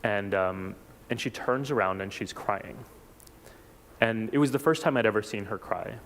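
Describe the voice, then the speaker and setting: A man from South Texas giving a reflective personal talk at a church forum, unhurried, with small restarts. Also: fairly low pitch, fairly bright tone, slight background noise. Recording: long hall reverb.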